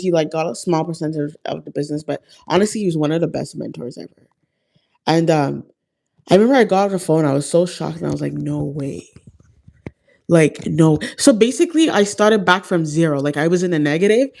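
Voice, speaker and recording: A woman's voice: on the low side, a little mellow. A young woman chatting casually, telling a personal story full of "like" and "um" and acting out what people said. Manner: chatty, heavy use of "like" and "um", acts out quotes. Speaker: vlogger.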